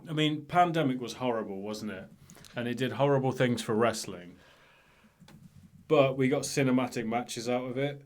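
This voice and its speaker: A man's voice: medium pitch, normal speed. Rambling man in casual chat. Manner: rambling, hesitant, lots of fillers. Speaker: podcast co-host.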